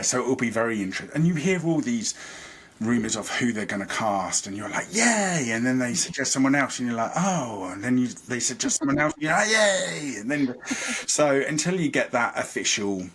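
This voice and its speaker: A man's voice: medium pitch, animated, normal speed, a bit bright, husky. A man, a podcast guest, chatting casually and rambling about things he is a fan of. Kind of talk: casual chat.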